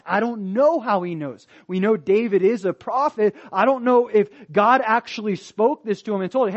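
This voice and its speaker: A male pastor preaching a sermon in an animated, emphatic way, swinging from loud to soft. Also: high voice, normal speed, hardly any pauses, lo-fi sound.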